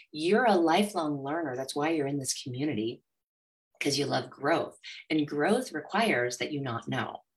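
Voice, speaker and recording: A woman who is a money coach, speaking as a guest in an interview and acting out inner voices with animated energy. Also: low voice. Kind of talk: motivational interview talk.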